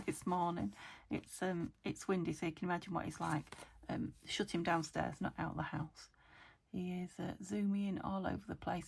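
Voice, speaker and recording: Gravelly woman chatting while crafting. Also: on the low side, fairly even intonation, normal speed, slight background noise. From United Kingdom. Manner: chatty, thinking aloud, often drops to a whisper. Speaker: junk journal crafter. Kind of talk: casual crafting chat.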